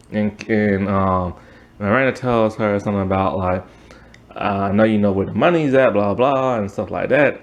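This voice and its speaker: A man talks through a TV season in a loose, casual review. His voice sits a little low, but he keeps leaping into the characters' lines and into exasperated, rising outbursts. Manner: animated, acts out characters' lines in quick asides. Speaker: show reviewer.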